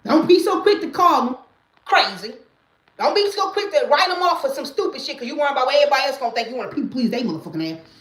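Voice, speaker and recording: A woman's voice: high-pitched, big pitch swings, fast, fairly bright tone, echoey room. A woman, talking emphatically and profanely in a casual live-stream monologue, repeating her catchphrases. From Mississippi, US. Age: late 30s. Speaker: livestreamer.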